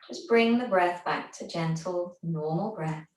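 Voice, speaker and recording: A woman instructor calmly guiding a gentle recovery exercise class with step-by-step stretches and breathing. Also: on the low side, unhurried. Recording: echoey room, voice from far off.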